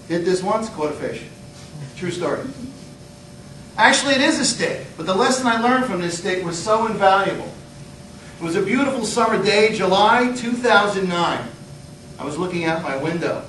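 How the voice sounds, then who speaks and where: A middle-aged man giving a humorous motivational speech, an animated storyteller acting out scenes. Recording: echoey hall, mic far off, low rumble.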